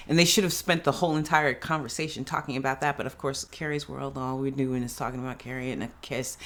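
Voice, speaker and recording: A woman giving a casual, animated reaction review of a TV episode, ranting in exasperation and laughing as she talks. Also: deep voice, moderate pace. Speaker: show reviewer. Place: at home in pajamas.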